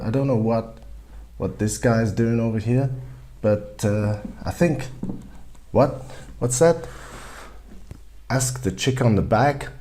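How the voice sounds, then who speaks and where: A man voicing an excitable American tourist who rambles in a bewildered way. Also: mid-range voice, gravelly, a little hiss or hum.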